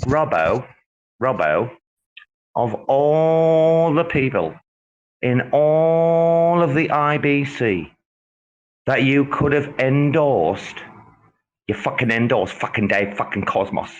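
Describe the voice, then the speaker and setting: A furious man, swearing hard as he scolds a friend, as a man puts him on in a mocking impression. He speaks at an ordinary pitch and jumps into sudden bursts. The rant is loose and crude. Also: expressive, slow, dull audio.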